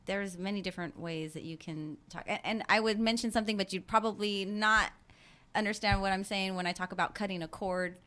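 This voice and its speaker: A woman's voice: medium pitch, steady tone, fairly quick, a bit bright. A woman co-hosting a radio show in casual chat, talking things through thoughtfully and laughing often, on a studio microphone. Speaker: radio co-host.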